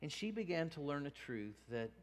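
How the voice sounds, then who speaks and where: A male pastor preaching a sermon in a church, earnest, rising from hushed to emphatic. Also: on the high side, sing-song, moderate pace. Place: church sanctuary. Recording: long church reverb.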